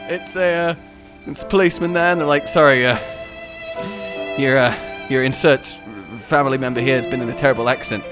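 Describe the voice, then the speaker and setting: A young British man co-hosting a gaming video, bantering in a jokey, theatrical way with bursts of shouting and laughter. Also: medium pitch, fairly even intonation, fast talker, over music. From Britain. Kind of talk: casual gameplay banter.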